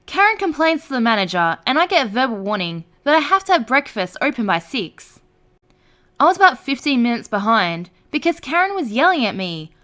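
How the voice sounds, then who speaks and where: A woman reads online stories aloud with a high voice. Her pitch swings widely, giving every line a lively, animated storytelling lilt. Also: brisk. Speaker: narrator.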